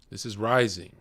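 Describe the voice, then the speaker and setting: A man streaming a brash, profane rant to his chat, swinging from loud shouts to low murmurs. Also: dry recording.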